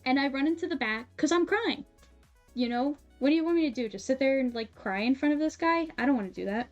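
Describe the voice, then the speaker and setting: A young woman with a fairly high voice tells a story in a lively, chatty way while she sews on a live stream. She laughs often and scatters fillers through her talk, and soft music plays behind her. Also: quick pace, muffled recording. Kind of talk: casual storytelling while sewing. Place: home streaming setup.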